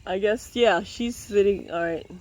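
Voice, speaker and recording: A woman's voice: mid-range voice, measured pace, darkish tone. A woman reads a picture book aloud in a mid-range voice, stopping often for wry, playful asides. Her tone is casual and joking throughout. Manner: playful, wry running commentary.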